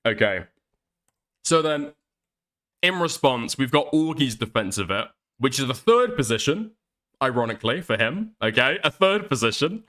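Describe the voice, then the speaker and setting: Male commentary streamer, bright lively voice, blunt and exasperated, swears freely. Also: medium pitch, moderate pace. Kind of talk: reading and reacting to posts.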